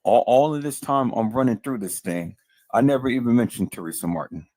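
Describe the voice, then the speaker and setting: A man's voice: medium pitch, animated, brisk, dark tone, no echo. A man hosting a livestream, talking angrily to his viewers in a heated commentary full of repeated words and exasperation. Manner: furious, repeats himself, addresses viewers as peoples. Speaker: livestream host.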